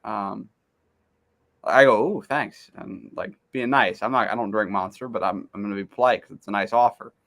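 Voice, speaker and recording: A man's voice: fairly low pitch, fairly even intonation, normal speed, vocal fry, fairly bright tone. A man co-hosting a podcast, rambling through a funny story and acting out what people said. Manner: rambling storyteller, acts out quotes. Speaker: podcast co-host. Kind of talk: casual chat.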